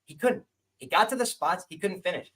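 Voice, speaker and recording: Man, high voice, set back from the mic, emphatic, argumentative, live podcast host. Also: lively intonation, a little fast, pushed and bright, distant mic, low-quality recording. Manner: emphatic, argumentative, acts out fighters' thoughts. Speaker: MMA betting analyst, podcast host. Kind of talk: live-stream podcast breakdown.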